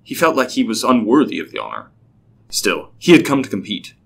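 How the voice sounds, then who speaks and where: Low-voiced man narrating a story. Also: huge pitch swings, a little fast, creaky, fairly bright tone, slight background noise.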